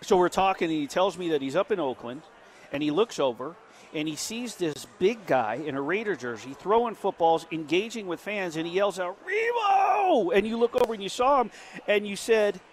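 A male radio host with a fairly high voice, chatty and wordy as he sets up his questions. He spins long, winding lead-ins. A faint room noise sits behind him. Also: lively intonation, normal speed. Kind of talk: interview hosting.

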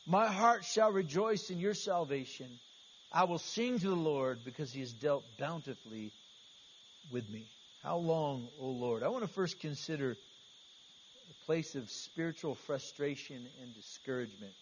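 A man's voice: fairly high pitch, animated, a little slow. A man preaching an earnest, conversational sermon as pastor, often restarting his phrases. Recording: slightly dull, faint hiss.

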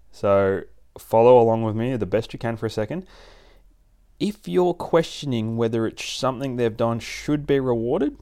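A man's voice: medium pitch, mellow. A man hosting a casual advice podcast on dog training, talking things through step by step with a few restarts. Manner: chatty, explains step by step with restarts.

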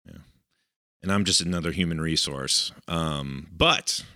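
Deep bright-toned podcast host, rambling. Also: male voice, unhurried, no echo, studio quality. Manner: rambling, filler-heavy, chuckling. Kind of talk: casual podcast chat.

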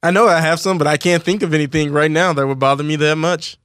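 Quick, high-voiced male co-host. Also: steady tone, a bit bright, clean tone, dry recording, clean studio sound. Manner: short teasing interjections. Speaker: radio co-host. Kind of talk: casual on-air banter.

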